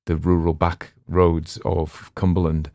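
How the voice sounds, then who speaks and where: A man's voice: deep voice, little pitch movement, measured pace, mellow, dry recording, studio quality. A middle-aged man with a Cumbrian accent, chatting casually as a story channel's host, rambling and self-deprecating with many fillers and restarts. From West Cumbria, England. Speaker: audiobook narrator and channel host. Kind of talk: casual chat.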